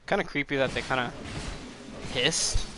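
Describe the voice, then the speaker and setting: A young man talks over his gameplay in a loose, rambling way, stopping to swear whenever the game catches him out. His voice is bright and forward, and a faint hiss sits under it. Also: mid-range voice, moderate pace. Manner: rambling, swears at the game, breaks into frustrated outbursts. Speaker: gameplay commentator. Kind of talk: casual let's play commentary.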